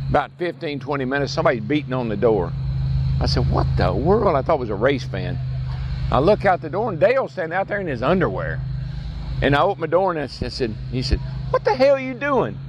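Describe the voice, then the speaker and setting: Older man, folksy yarn-spinner, mid pitch, recorded outside with faint traffic. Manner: folksy, animated storyteller who acts out quotes in a raised voice. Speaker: retired racing driver telling stories. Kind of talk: casual storytelling. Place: outdoors at a racetrack.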